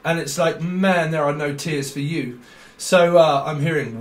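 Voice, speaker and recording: A man's voice: on the high side, moderate pace, echoey room. A man giving a casual tarot reading, playful and rambling, breaking into laughs often. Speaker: tarot reader.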